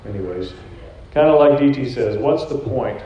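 A man's voice: medium pitch, animated, normal speed, background noise. Guy telling his church testimony, earnest and chatty, big echoey room, kinda muffled sound. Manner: earnest conversational storytelling. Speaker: church prophetic team leader sharing testimony. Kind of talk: personal testimony talk. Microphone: handheld microphone.

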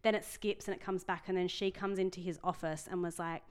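A woman's voice: fairly low pitch, steady tone, fairly quick, smooth. A young adult woman co-hosting a casual podcast chat, telling stories in a rambling way, often restarting her sentences. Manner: rambling, self-interrupting storyteller. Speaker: podcast co-host.

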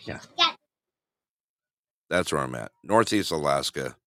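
Deep-voiced, animated man in casual chat. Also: slow pace, dry recording, studio quality. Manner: rambling, jokey, laughs often. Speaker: co-host. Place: camping in remote Alaska.

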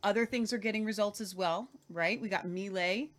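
A woman co-hosting a casual news commentary show, musing aloud in a relaxed, conversational way. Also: medium pitch, moderate pace.

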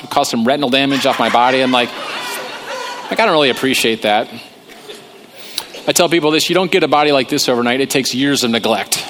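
A man's voice: mid-range voice, fairly bright tone. A man preaching a humorous sermon, talking conversationally and joking about himself. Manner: joking, conversational, self-deprecating. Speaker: pastor.

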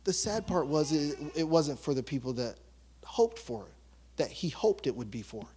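High-voiced pastor preaching, animated storyteller. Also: male voice, normal speed, slightly rough. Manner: animated storytelling, acting out townspeople's chatter; drops to a hush for emphasis. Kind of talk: sermon.

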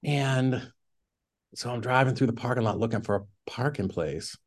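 A middle-aged real estate investor, guesting on a podcast, tells a story at normal speed in a medium-pitched voice. His manner is chatty and casual, full of "like," and he reenacts his own earlier thinking.

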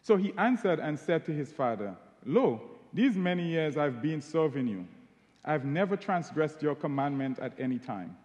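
A preacher delivers his sermon emphatically, slowing down and stretching the key words he wants to stress. His slightly higher-than-average male voice is sing-song and a little mellow, carried by the long reverb of a large hall.

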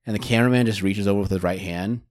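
A man hosting a podcast, telling a crude funny story in an animated, casual way. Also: on the low side, rapid-fire. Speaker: podcast host.

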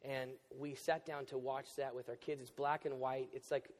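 A man's voice: mid-range voice, level tone, moderate pace, long reverb tail. A man preaching a sermon as pastor, joking and self-deprecating, then candid. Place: church auditorium.

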